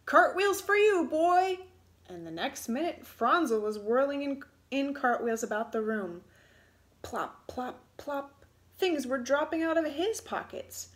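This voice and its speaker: A woman reading a storybook aloud in an expressive way, relishing the sound words. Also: high voice, a little slow, echoey room.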